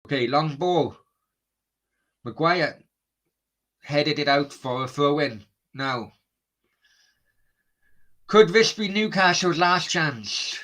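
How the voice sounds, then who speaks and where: A man's voice: a little high, animated, slow, long pauses, a bit bright. A man hosting a football watchalong stream, chatting bluntly and swearing as he answers his chat. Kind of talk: casual live-stream chat.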